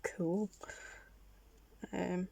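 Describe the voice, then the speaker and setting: A woman's voice: lowish voice, flat delivery, drawn-out words, creaky, mellow. A woman with a Northern English accent chatting casually to her viewers, rambling and giggly. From Northern England. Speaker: craft vlogger. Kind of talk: casual chat to camera.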